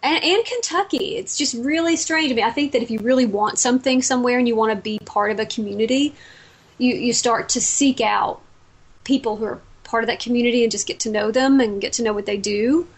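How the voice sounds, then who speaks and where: This woman from the American South has a fairly high, slightly rough voice and talks a little fast. Appearing as a guest in a relaxed interview, she chats warmly through her stories and keeps restarting sentences.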